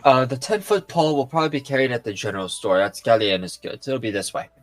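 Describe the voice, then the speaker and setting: A man playing a tabletop game, stating his character's moves in quick, clipped lines. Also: medium pitch, animated, no room sound. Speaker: player.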